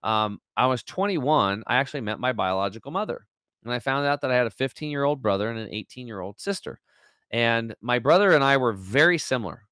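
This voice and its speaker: A man's voice: medium pitch, animated, a little fast, sharp tone, clear, resonant tone, dry recording, studio quality. Man telling his story over a video call. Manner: emotional storytelling, acts out quoted dialogue, filler-heavy. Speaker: guest.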